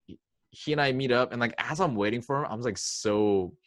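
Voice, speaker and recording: A man's voice: medium pitch, brisk, no room sound. A young man telling a story as a podcast guest, chatty and self-mocking, with lots of fillers and acted-out quotes. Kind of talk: casual storytelling.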